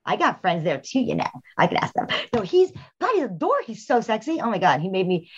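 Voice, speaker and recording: A woman hosting a podcast, telling frank, animated stories in casual chat with bursts of laughter. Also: mid-range voice, brisk, breathy edge. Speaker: podcast host. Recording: dull lo-fi sound.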